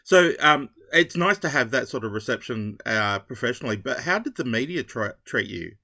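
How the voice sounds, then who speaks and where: A man's voice: mid-range voice, expressive, moderate pace, gravelly, sharp tone. A man interviewing a guest in a casual way, encouraging him with short affirmations.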